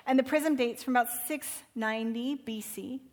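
Animated woman teaching scripture. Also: a little high, normal speed. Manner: animated, dramatic readings with casual asides. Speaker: Bible teacher. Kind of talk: Bible teaching, reading and paraphrasing scripture.

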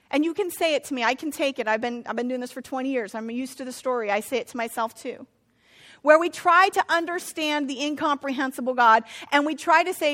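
A woman's voice: high voice, a bit bright. A middle-aged woman pastor giving a conversational sermon, now and then acting out what biblical figures might say. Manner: conversational preaching, acts out voices of biblical figures.

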